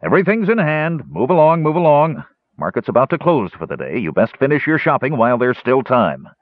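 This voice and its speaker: Guy putting on a rough barking guard, snarly, thin dry sound. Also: medium pitch, sing-song, fairly quick, no room sound. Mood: harsh. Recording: tinny narrow-band audio.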